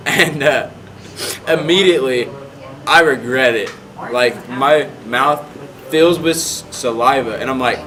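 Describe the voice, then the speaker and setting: A man's voice: medium pitch, slow pace, sharp tone. A young man casually telling a rambling story, full of "like" fillers.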